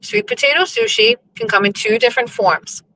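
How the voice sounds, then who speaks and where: A woman's voice: a little high, sing-song, a little fast, creaky, bright, forceful tone, slight background noise, poor audio. A young woman host chatting casually to her listeners while driving, rambling and cursing in exasperation. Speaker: show host.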